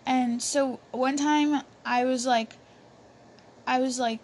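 A woman's voice: sits high, steady tone, takes it slowly, darkish tone. A young woman telling a personal story in a chatty way, with many fillers and restarts. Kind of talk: casual storytelling. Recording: faint background noise.

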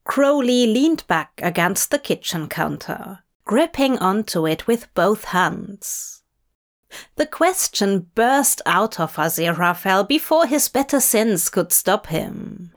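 Slow, calm woman narrating a story. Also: medium pitch. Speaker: fanfiction reader. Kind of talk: audiobook narration.

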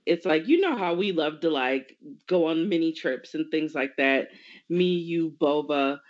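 A woman's voice: low voice, lively intonation, measured pace, lo-fi sound. A woman co-hosting a casual chat, rambling enthusiastically. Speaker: co-host.

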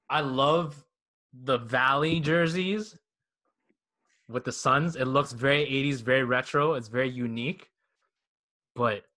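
A male podcast host with a bright, clear voice. He talks in a relaxed, rambling way and uses slang freely while he judges the panel. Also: mid-range voice. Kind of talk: casual panel chat.

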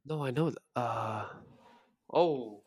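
A man's voice: mid-range voice, takes it slowly, darkish tone, slightly rough, no echo, clean studio sound. A man co-hosting a casual podcast quiz, laughing often, swearing, and playfully unsure of his answers. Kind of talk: casual chat.

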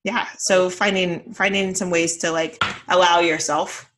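With a fairly low, unhurried voice against a noisy background, this thirty-something podcast co-host makes casual conversation. Her storytelling is lively and chatty, full of filler words.

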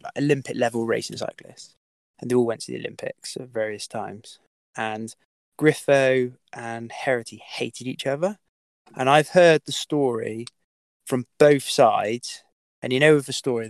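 A man's voice: medium pitch, gravelly, no room sound. A man telling a story as a podcast guest, with many fillers, restarts and the odd swear word. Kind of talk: casual storytelling.

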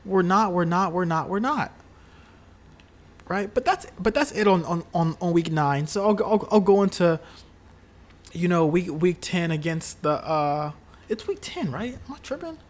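A man's voice: high-pitched, animated, moderate pace. A man talking casually about his football team, heated and profane, rambling with lots of fillers and repeated words. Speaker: sports fan commentator. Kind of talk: casual solo sports talk.

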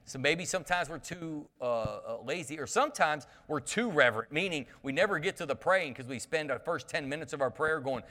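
A male pastor reads scripture and then preaches on it in a loose, folksy manner, often restarting his sentences. His voice sits a little high for a man. A long reverb trails behind him, as in a church hall. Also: lively intonation, brisk, hardly any pauses, bright, forceful tone. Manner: folksy, conversational, frequent restarts. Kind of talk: sermon with scripture reading.

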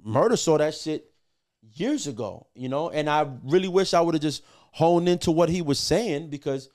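A man's voice: on the high side, expressive, normal speed, darkish tone. Brief: middle-aged male producer, podcast guest, casual profane storyteller, lots of "you know" and restarts. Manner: profane, loose, filler-heavy with many restarts.

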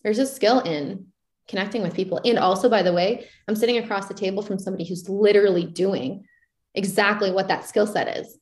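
A young woman speaking as an interview guest, candid and animated as she acts out her own inner questions. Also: mid-range voice, brisk. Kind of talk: casual reflective interview talk. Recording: roomy echoey sound.

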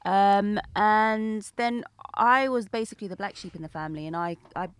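A woman's voice: medium pitch, normal speed, clear, resonant tone, dry recording. Young woman, loose slangy podcast guest, swears a lot, dry close sound. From Philippines. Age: young adult. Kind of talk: casual chat.

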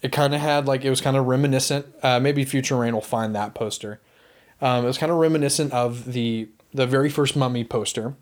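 A man co-hosting a casual podcast about movies, rambling and animated, swearing now and then. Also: mid-range voice, a little fast. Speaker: podcast co-host.

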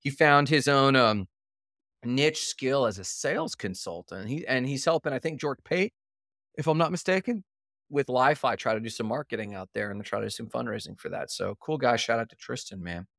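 Laughing, animated male podcast host. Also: mid-range voice, normal speed, creaky, no echo, clean studio sound. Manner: animated storyteller, acts out quotes, laughs often. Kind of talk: casual chat storytelling.

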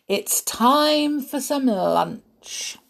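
A woman voicing a big, cheerful, fatherly bear who calls out heartily, a little breathy. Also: high-pitched, animated, drawn-out words, pitched above the performer's own voice, exaggerated voice. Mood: jolly.

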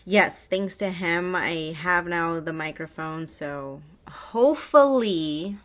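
A woman's voice: on the low side, slow pace, fairly bright tone. A woman hosting a podcast in loose, rambling casual chat, swearing freely, on a foam-covered mic. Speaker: podcast host. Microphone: podcast microphone with foam cover.

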